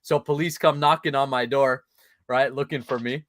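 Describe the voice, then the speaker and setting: A man's voice: mid-range voice, steady tone, normal speed, fairly bright tone, no room sound, clean studio sound. A man hosting a casual podcast conversation as a men's coach, talking bluntly with emphatic, punchy delivery and frequent swearing.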